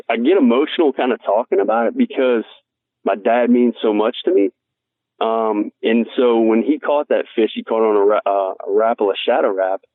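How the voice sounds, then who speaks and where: A man's voice: lowish voice, dry recording. A man being interviewed as a guest angler, telling stories in an earnest, heartfelt way, often saying "man". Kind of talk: casual storytelling interview. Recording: dry, tinny phone-like line.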